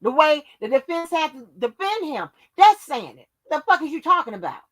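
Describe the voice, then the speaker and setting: A woman's voice: high-pitched, very animated, normal speed. A woman hosting her own channel, delivering a profane, confrontational rant that scolds her viewers. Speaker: channel host.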